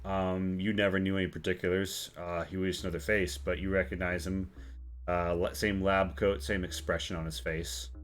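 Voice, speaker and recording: A man narrating a tabletop role-playing game as game master, relaxed with many fillers. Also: low-pitched, moderate pace.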